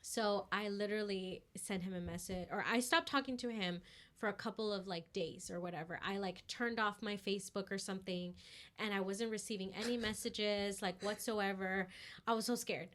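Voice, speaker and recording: A woman's voice: mid-range voice, fairly even intonation, normal speed, fairly bright tone. A woman telling a story on a podcast in a loose, chatty way. She fills her talk with "like" and "you know" and slips into the voices of the people in her story. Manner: filler-heavy, acts out quoted voices. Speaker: podcast co-host. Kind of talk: casual storytelling chat.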